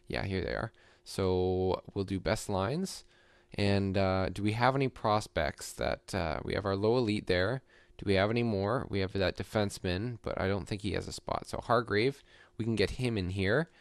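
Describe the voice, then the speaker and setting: A man's voice: on the low side, clear, resonant tone, dry recording. A young man casually commenting as he plays a hockey franchise mode, rambling with lots of fillers and upbeat asides. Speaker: gaming YouTuber.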